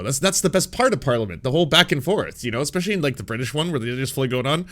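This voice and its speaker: A man's voice: medium pitch, lively intonation, rapid-fire, hardly any pauses, fairly bright tone. Sarcastic laughing male commentator. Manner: sarcastic, laughing, mock-pompous asides. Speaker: news commentary host. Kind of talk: casual political commentary.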